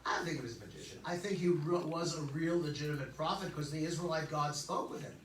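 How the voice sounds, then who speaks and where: Brief: older male rabbi, casual joking sermon, bright slightly high voice, distant mic in an echoey sanctuary. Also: fast talker. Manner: joking, conversational, lots of okays and asides. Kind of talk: informal sermon. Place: synagogue sanctuary. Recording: echoey hall, distant mic, faint hum.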